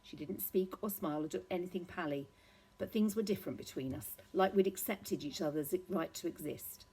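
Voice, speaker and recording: Give me a woman reading a children's novel, low and mellow, a touch husky. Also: fairly quick, low-quality recording. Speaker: reader.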